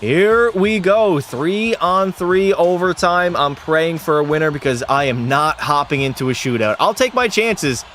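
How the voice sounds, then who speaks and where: A young man from Canada streams a hockey video game, his fairly high voice jumping between mock broadcaster calls and loose, profane chat banter. Faint game music sits behind his desk mic. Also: a little slow, few pauses. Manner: excitable, mock sportscaster calls mixed with casual swearing. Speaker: gaming streamer. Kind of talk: live play-by-play commentary and chat banter.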